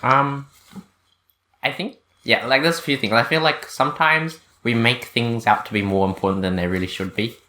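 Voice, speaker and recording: A man, reflecting calmly in a casual podcast chat, with hesitant fillers. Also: mid-range voice, moderate pace. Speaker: podcast co-host.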